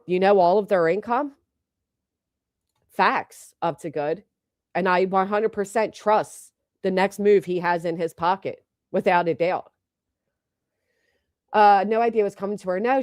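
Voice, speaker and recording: A woman's voice: mid-range voice, darkish tone, no echo, clean studio sound. A middle-aged woman hosting a livestream, blunt and profane, reading out viewer names between heated remarks. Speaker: livestream host.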